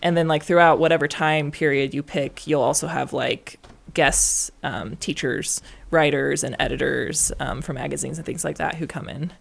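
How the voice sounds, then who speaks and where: A woman's voice: low-pitched, moderate pace, creaky. A young woman talking as a guest in a casual chat, chatty and hedging, often laughing. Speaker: guest writer.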